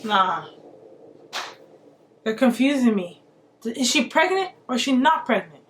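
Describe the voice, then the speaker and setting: A woman hosting a reaction video, commenting in a playful, sassy and animated way. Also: on the high side, unhurried, slight background noise.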